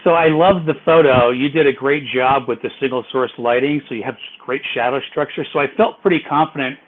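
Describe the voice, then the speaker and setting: A calm middle-aged man of middling pitch, speaking as a guest painter in a relaxed interview. He explains his work in a plain, agreeable way. His voice comes through a thin, phone-like call line. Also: a little fast. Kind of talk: casual interview chat.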